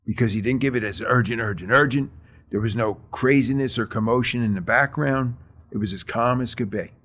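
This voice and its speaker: A middle-aged firefighter calmly walks through what happened on a fire call, one step after another. His voice sits at an ordinary pitch for a man. He talks in a plain, measured way and drops in plenty of ums and uhs. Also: creaky. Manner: plain, measured retelling with many fillers. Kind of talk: interview storytelling.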